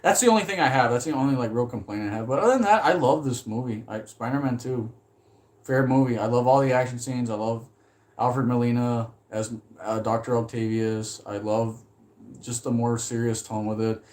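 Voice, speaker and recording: A male streamer talks loosely and excitedly about movies, with lots of fillers and swearing. His voice sits at an everyday middle pitch for a man. The delivery is unscripted and wandering. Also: moderate pace. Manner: rambling, heavy use of "like", swears when excited. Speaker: streamer reviewing films. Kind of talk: casual live-stream chat.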